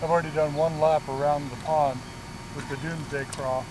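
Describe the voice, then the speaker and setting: A man with a slightly high voice talks to the camera while he fishes by a pond outdoors. He is chatty and excitable, and the camera mic picks up faint outdoor sound behind him. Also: normal speed, background noise. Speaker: fishing vlogger. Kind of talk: casual outdoor fishing vlog. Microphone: action camera or DSLR mic.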